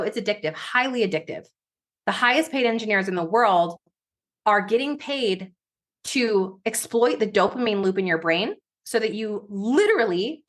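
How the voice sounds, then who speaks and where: A woman speaking as a podcast guest, her voice at a middle pitch. She tells her story with emphasis and builds vivid examples to make her point. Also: fairly bright tone. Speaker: guest business coach. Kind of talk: conversational interview storytelling.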